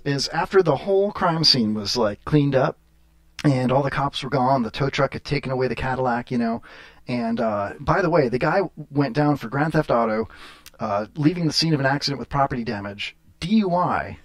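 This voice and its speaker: A man's voice: medium pitch, animated, normal speed. A man hosting a podcast, telling a story in casual chat, rambling with many fillers and laughs. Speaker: podcast host.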